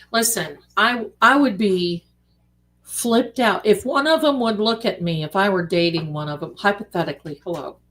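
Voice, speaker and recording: A woman hosting a casual late-night livestream, chatty and animated, calling her viewers darlings. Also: lowish voice. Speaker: livestream host.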